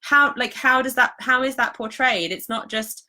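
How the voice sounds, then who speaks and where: A woman's voice: high-pitched, normal speed, pushed and bright. A woman hosting a live stream, talking casually and reassuringly about emotions with lots of fillers. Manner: chatty, reassuring, many fillers like "like".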